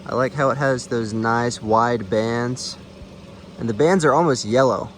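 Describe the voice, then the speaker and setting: A man's voice: medium pitch, a little slow, a little hiss or hum. A man casually narrating as he finds snakes on a rural road at night, chatty and easygoing. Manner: easygoing, chatty, fond of the animals. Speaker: field herping vlogger.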